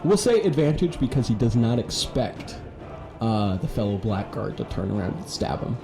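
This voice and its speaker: A man running a tabletop game as game master, narrating in a casual, animated way. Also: medium pitch, normal speed, music in the background. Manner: casual, animated, laughing storyteller.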